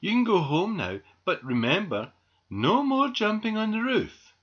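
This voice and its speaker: A man voicing a brisk, matter-of-fact female toy nurse in a storybook reading. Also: sits high, huge pitch swings, a bit bright, muffled recording, voice pushed up, full character voice.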